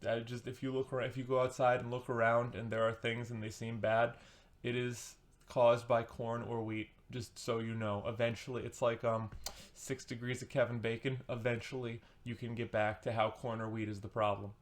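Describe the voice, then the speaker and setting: A man's voice: mid-range voice, little pitch movement, moderate pace. Sarcastic, rambling man reviewing a book. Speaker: book vlogger.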